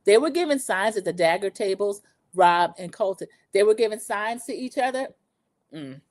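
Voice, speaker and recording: This middle-aged woman has lived in the American South for over twenty years and hosts a casual opinion recap, chatting straight to her viewers with plenty of opinions. Her mid-range voice has lively intonation at a moderate pace, captured in a dry, clean studio recording.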